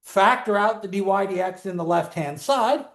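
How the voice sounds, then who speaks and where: A man's voice: high voice, a little slow. A man teaching a calculus class live, walking students through each step and asking them questions as he goes. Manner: animated, talks students through steps with questions. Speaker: calculus lecturer.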